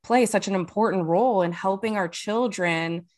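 A woman's voice: medium pitch, normal speed. Thoughtful woman in a chat. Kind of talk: casual faith-based chat.

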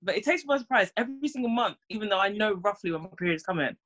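A woman's voice: mid-range voice, expressive, very fast, fairly bright tone, lo-fi sound. A young woman, chatting casually and acting out her own reactions. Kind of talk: casual chat.

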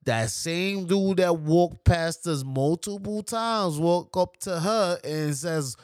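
A man from New telling a story casually, animated and profane, mimicking other people's voices. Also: on the high side, slow, clean tone, dry recording, studio quality. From New York. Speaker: podcast guest.

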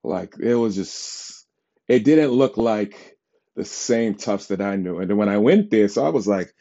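A man hosting his own podcast, telling casual stories in an animated, self-described dramatic way and laughing often. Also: fairly low pitch, a little slow. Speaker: podcast host. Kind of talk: casual storytelling monologue. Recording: dull lo-fi recording.

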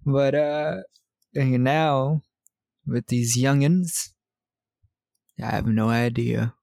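A man's voice: medium pitch, extremely slow, gravelly, darkish tone, dry recording. A man in his twenties recapping a film on a podcast in casual, profane chat, laughing often. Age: 20s.

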